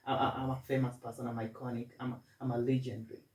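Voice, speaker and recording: A man's voice: mid-range voice, level tone, fast, darkish tone, distant mic. A man in his twenties, a student guest, speaking in a self-assured way with repeated stammering restarts. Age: 20s. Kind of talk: casual interview. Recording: echoey room, voice from off-mic.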